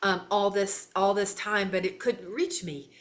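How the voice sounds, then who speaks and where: A woman, a psychic doing casual readings on a live call, animated, folksy and quick to laugh. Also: medium pitch. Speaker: psychic guest.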